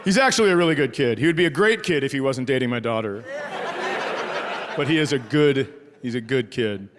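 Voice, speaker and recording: A middle-aged man doing stand-up storytelling with animated, crude delivery that jumps higher for the punchlines. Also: fairly quick, big-room sound, background noise. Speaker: stand-up comedian.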